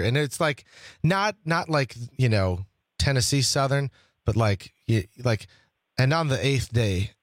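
A man's voice: on the low side, no room sound, clean studio sound. A man from Wisconsin hosting a talk radio show, chatting casually and rambling with lots of restarts. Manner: rambling, with many restarts and fillers.

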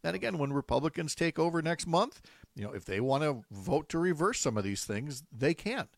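A man's voice: a little high, big pitch swings, brisk, vocal fry, no room sound, clean studio sound. A man hosting a political talk show, easygoing and wry, laughing along with his guest. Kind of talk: casual political chat.

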